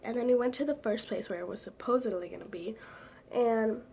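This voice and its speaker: A woman's voice: a little high, brisk, warm tone, a little hiss or hum. A teenage girl chatting casually to camera at home, rambling with lots of "like" fillers and giggles. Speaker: vlogger.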